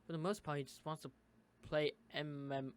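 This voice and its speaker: A gaming YouTuber from the United States reading a visual novel aloud, switching character voices and breaking in with quick asides. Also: mid-range voice, fairly even intonation, clear, resonant tone.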